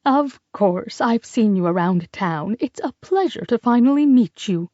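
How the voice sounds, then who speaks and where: A woman's voice: fairly high pitch, animated, measured pace, dark tone, dry recording. Brief: narrator voicing a watchful, polite older shopkeeper woman, dull dry recording. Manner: polite but appraising. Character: sharp, polite middle-aged French baker woman.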